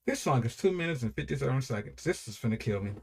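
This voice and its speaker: A man hosting a casual reaction video, talking in an animated, profane way and laughing often. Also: mid-range voice, fast talker, vocal fry, husky. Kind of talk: casual reaction commentary and storytelling.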